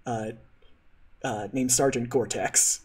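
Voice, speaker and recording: A man's voice: mid-range voice, fairly even intonation, unhurried, recorded from a distance, background noise. A man running a tabletop game as game master, narrating with many hesitant fillers.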